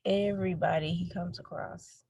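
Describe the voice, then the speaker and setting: A woman's voice: on the low side, steady tone, normal speed, vocal fry, mellow, husky. A woman co-hosting a casual TV review chat, making blunt, exasperated remarks.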